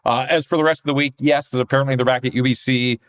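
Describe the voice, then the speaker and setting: A man's voice: mid-range voice, steady tone, fast talker, a bit bright. A man, co-hosting a hockey podcast in casual chat and telling stories with frequent laughs. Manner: chatty storyteller, laughs often. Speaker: podcast co-host, hockey reporter.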